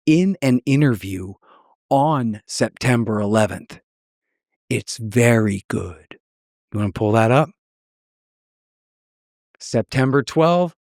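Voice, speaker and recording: A man's voice: mid-range voice, darkish tone, dry recording, clean studio sound. A man as a podcast guest, talking in a heated, mocking storytelling manner and acting out the voices of people he quotes.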